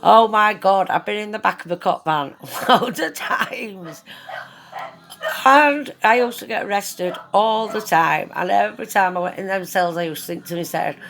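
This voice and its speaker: With a fairly bright tone, medium pitch and noticeable vocal fry, a vlogger talks into her phone at a moderate pace. She delivers a casual storytelling monologue bluntly, packed with slang and swearing.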